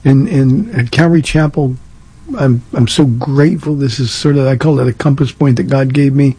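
Earnest pastor with a husky voice. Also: male voice, medium pitch, fairly even intonation, normal speed, mellow, dry recording, poor audio. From Southern California. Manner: earnest, plainspoken, explaining at length. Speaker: pastor and radio call-in host. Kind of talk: call-in radio Q&A.

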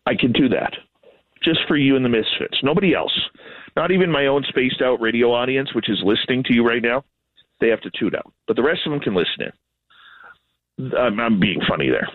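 A man from Canada, a radio host, telling an animated, self-deprecating story in casual chat. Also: lowish voice, no room sound. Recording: tinny phone line.

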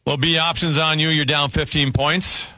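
A man hosting a word game show, briskly announcing scores and clues. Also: on the high side, flat delivery, sharp tone, no echo.

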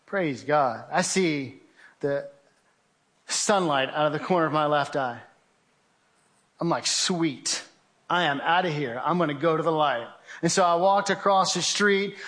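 A middle-aged guest speaker with a high, slightly bright voice shares his testimony with an audience. He tells his story earnestly and directly in a conversational way, calling his listeners "guys."

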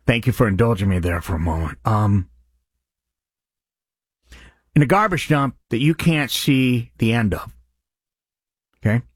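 A man's voice: medium pitch, unhurried, pauses often, husky, no echo, studio quality. A man hosting a radio charity appeal, speaking in an earnest, impassioned way. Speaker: radio host.

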